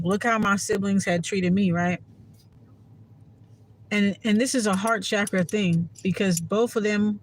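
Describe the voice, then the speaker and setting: The audio is poor with slight background noise as a high-pitched man delivers a casual monologue to camera. A spiritual vlogger from the Washington DC area, he is candid and rambling, swearing freely and using lots of fillers.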